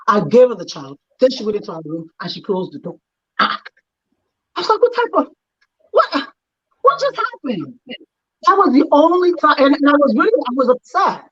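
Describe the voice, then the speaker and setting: A woman's voice: fairly high pitch, breathy edge, muffled recording. A middle-aged woman who hosts a chat show and tells a personal story with animation, acting out quoted lines. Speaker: host.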